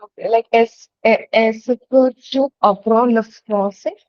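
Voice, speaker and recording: High-voiced woman student over dull, dry call audio. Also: fairly even intonation, measured pace, no echo. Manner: brief replies, repeats phrases after the teacher.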